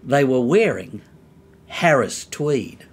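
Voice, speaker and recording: A man's voice: medium pitch, sing-song, slow, husky. A man from Australia with an Australian accent, co-hosting a comedic review chat with upbeat banter. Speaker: co-host.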